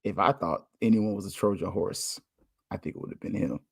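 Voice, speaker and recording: A man hosting a podcast, talking candidly in a casual monologue, chatty and quick to laugh. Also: deep voice, vocal fry, slightly rough, no room sound, studio quality. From United States. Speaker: podcast host.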